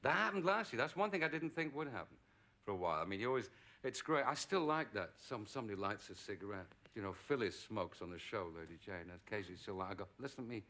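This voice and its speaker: Bright-voiced middle-aged English actor. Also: male voice, lowish voice, fast. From England. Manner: lively storyteller, acts out quoted voices. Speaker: actor, talk show guest. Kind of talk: anecdotal chat.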